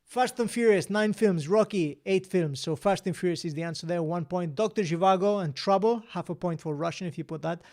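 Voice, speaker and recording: A man's voice: high voice, brisk, few pauses, a little mellow. A man hosting a casual live-stream quiz, chatting, reading out answers and scores, and laughing often. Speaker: quiz host.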